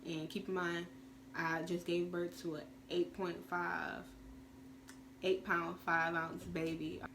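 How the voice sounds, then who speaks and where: Chatty teen woman with a lowish voice. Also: monotone, slow pace. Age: teens. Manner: chatty, rambling, many fillers. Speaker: vlogger. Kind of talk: storytime vlog. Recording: clear background noise.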